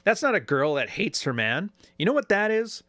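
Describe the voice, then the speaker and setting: A man delivers loose, sarcastic commentary in a bright, forward voice that is set a bit high for a man. His pitch swings widely as he riffs. The sound is dry and close, with no room around it. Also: normal speed, no echo. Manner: animated, sarcastic, does mocking quoted voices. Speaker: YouTube commentator. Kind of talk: casual reaction commentary.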